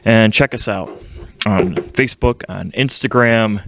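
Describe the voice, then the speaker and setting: A man's voice: on the low side, measured pace, noisy background. A man co-hosting a podcast and working as a welder, talking casually in a blunt, crude, joking way. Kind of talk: casual chat.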